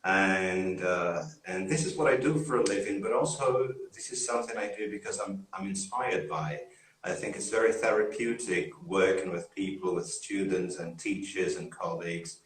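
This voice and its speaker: Man, middle-aged, from northeast Brazil, British-style accent, relaxed friendly guest, lowish voice, echoey video-call room. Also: normal speed. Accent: British-style English. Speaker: guest, English teacher and teacher educator. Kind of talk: casual chat on a video call.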